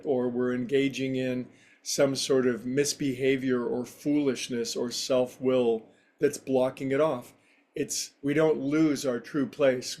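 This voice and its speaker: A man's voice: medium pitch, darkish tone. A man who teaches yoga and meditation, giving a casual spiritual talk in a rambling, anecdotal, conversational way.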